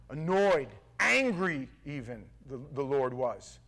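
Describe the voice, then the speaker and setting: A man preaching a casual, conversational sermon as a pastor, blunt and slangy, often restarting his sentences and moving between quiet asides and loud emphatic stretches. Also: fairly high pitch, lively intonation, normal speed.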